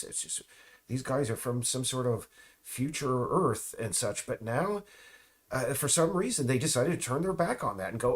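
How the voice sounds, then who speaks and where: Rambling man, halting and sardonic. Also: mid-range voice, animated. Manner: halting, many restarts and trailing asides; sardonic, mocking asides. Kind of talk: rambling casual monologue.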